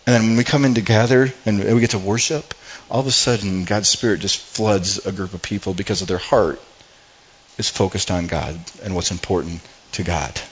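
A man's voice: fairly low pitch, moderate pace, highs cut off, a little hiss or hum. A pastor preaching a sermon in a conversational way, often repeating words and restarting his sentences.

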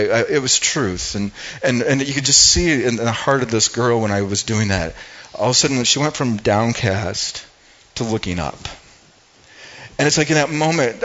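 A man's voice: mid-range voice, fairly bright tone, muffled recording. Older man telling a rambling sermon story. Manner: rambling and conversational, with many restarts and asides. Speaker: speaker giving a devotional talk.

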